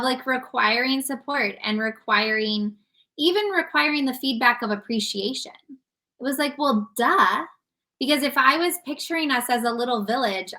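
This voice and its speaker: A woman's voice: fairly high pitch, bright, forceful tone, rough recording. A woman co-hosting a relationship talk show, responding reflectively in casual chat. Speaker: co-host, relationship expert.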